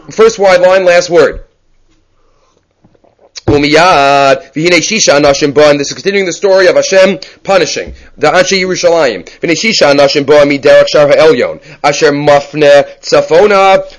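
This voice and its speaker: A man teaching a Talmud class, reading Hebrew and Aramaic passages aloud and explaining them in English with animated storytelling. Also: high voice, poor audio. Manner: animated storyteller, many restarts.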